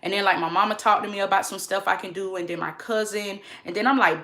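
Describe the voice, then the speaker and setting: A woman's voice: mid-range voice, fairly even intonation, fast talker, hardly any pauses, bright, forceful tone. A woman, a nurse chatting casually and emphatically to her viewers in a vlog update. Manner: chatty, emphatic, talks straight to viewers as y'all; moves about while talking. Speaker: nurse and vlogger.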